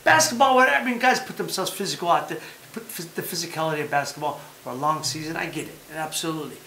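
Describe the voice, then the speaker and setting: A man hosting a casual chat show, talking in an animated, emphatic way and repeating his points. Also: on the high side, fast, creaky, roomy sound, slight background noise, low-quality recording. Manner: talks about having been a fighter. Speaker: podcast host.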